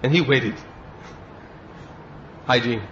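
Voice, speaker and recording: A man giving a devotional class and telling a story in a relaxed way, sometimes chuckling. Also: mid-range voice, slow pace. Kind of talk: storytelling sermon. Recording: dull lo-fi recording with faint hiss.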